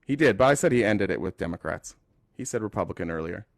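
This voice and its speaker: A man's voice: low voice, expressive, quick pace, vocal fry, no echo, clean studio sound. Combative male call-in show host. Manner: combative, interrupts, sarcastic. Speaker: talk show host taking callers.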